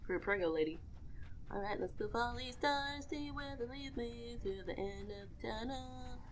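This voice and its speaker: A woman giving casual, excitable let's-play commentary as she plays, cooing over cute animals. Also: fairly high pitch, normal speed. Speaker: gaming video creator. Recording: game music playing behind.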